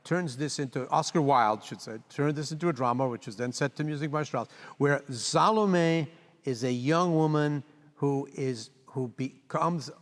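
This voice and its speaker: A man's voice: mid-range voice, normal speed. Older man coaching in a reverberant hall. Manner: animated, sings phrases aloud. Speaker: conductor coaching a brass player. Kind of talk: master class coaching.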